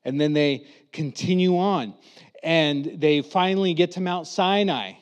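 Brief: male preacher, a bit higher than average, animated storytelling sermon delivery. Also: a little slow, clear, resonant tone, in a large hall. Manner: animated, acts out quotes with voices.

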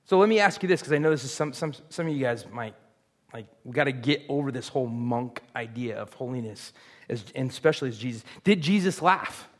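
A man's voice: mid-range voice, lively intonation, a little fast. A man preaching a sermon in a conversational, joking way, full of rhetorical questions. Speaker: pastor.

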